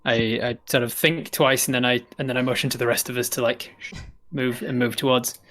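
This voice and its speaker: A man playing a tabletop role-playing game, describing actions and giving measured, earnest speeches in character. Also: mid-range voice, level tone, a bit bright. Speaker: player.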